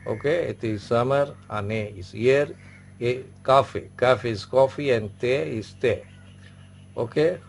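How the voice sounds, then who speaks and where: A man's voice: medium pitch, gravelly. A man teaching an online French class, patiently repeating each word and example several times. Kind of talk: online language lesson.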